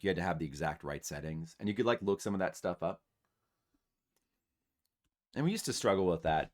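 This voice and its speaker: A man streaming a game, rambling and self-deprecating as he chats with his viewers. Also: low voice. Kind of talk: casual live-stream chat.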